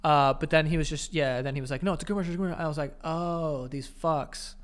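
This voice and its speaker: A young man co-hosting a casual podcast chat, excitable and sweary, his voice leaping up when he gets outraged. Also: on the high side, quick pace, clear, resonant tone. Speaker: podcast co-host.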